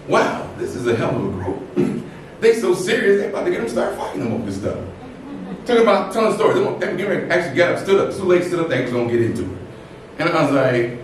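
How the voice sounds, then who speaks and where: A man hosting a storytelling event, chatting and telling a personal anecdote in an animated way, laughing often and acting out the people he quotes. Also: high voice. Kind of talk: casual closing remarks and personal anecdote. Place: event hall with live audience. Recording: echoey hall from far off, faint noise.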